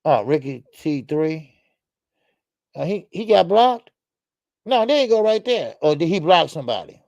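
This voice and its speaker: Gravelly-voiced man hosting a boxing show. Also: a little high, a little slow, dry recording, muffled recording. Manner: animated, profane, rambling storyteller who laughs a lot and answers chat. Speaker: boxing talk show host. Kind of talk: casual live-stream commentary.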